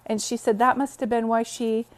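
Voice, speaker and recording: A woman's voice: on the high side, level tone, moderate pace. A woman hosting a casual phone livestream from her bed, greeting viewers and telling stories in a chatty way. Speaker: psychic medium livestream host. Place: bedroom, sitting on bed.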